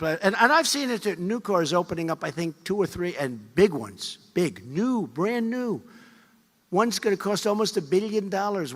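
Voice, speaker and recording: A man in his seventies delivers a rambling, boastful campaign speech at a podium, hammering home each point by saying it again. His voice is bright and forceful and sits a little high for a man. It rings through a large hall with long reverb, a faint crowd murmuring behind him. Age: 70s. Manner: repetitive, boastful, emphatic. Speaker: politician.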